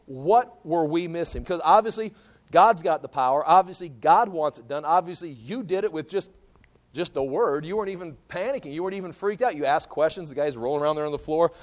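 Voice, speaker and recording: A man's voice: a little high, fast. A man teaching a sermon, reading Bible passages and explaining them in a conversational way that often repeats words. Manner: conversational, repeats words while thinking aloud, reads scripture aloud. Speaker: preacher.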